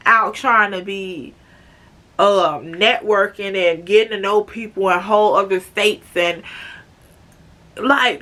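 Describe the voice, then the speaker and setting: A woman in her twenties from Chicago telling an animated, slangy storytime to her viewers. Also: mid-range voice. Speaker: vlogger. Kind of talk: storytime vlog.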